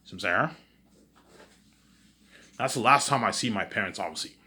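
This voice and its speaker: A man telling a rambling story out loud, acting out each character's lines and filling gaps with "you know what I'm saying". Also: on the low side, lively intonation, brisk.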